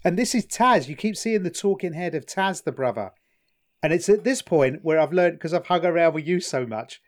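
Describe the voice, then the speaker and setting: Young male co-host, a touch high-voiced, easygoing storyteller. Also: moderate pace. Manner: relaxed storyteller, retells quotes with funny voices. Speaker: podcast co-host. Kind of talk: casual chat.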